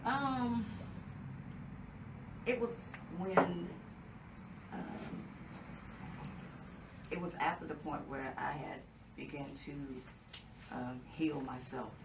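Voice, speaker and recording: Tired low-voiced woman, slow and halting. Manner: quiet and halting, with many pauses. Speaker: guest author. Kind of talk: interview answers. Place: radio studio. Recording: distant, echoey mic with noise.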